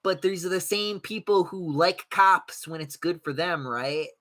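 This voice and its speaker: A young man hosts a podcast and reads the live chat, his voice high and a little slow. He rambles casually and bluntly, swearing a lot and mocking people he disagrees with in put-on voices, all in an animated way.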